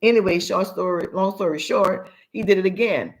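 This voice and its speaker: Woman cohost telling funny family stories, animated, laughs a lot. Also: medium pitch, fairly quick. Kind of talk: casual storytelling.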